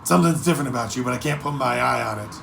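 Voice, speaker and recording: A man's voice: medium pitch, very fast, creaky, fairly bright tone, slight background noise. A man voicing a boastful, jolly male pirate king who blusters and teases in a storybook reading. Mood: blustering. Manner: blustering, teasing.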